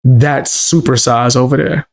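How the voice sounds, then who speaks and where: Unhurried and creaky, with medium pitch and fairly even intonation, a Bronx native with a New York accent spins loose, profane stories. He chats casually on a live stream, using street slang.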